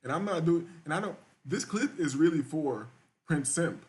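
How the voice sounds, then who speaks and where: A man streaming a reaction to a dating clip, mocking it loudly in crude, profane commentary. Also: fairly high pitch, lively intonation, moderate pace. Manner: loud, mocking, profane, mimics voices.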